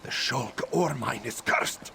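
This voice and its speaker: Game role: sarcastic cat-folk miner, gravelly and tense, lively pitch, refers to himself in third person. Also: male voice, takes it slowly, a little hiss or hum, heavily acted. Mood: prickly. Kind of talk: video game voice acting.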